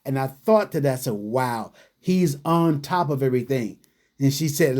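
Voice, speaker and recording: A man hosting a radio talk show, telling stories in an animated way with frequent restarts and fillers. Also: mid-range voice, normal speed. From New York City.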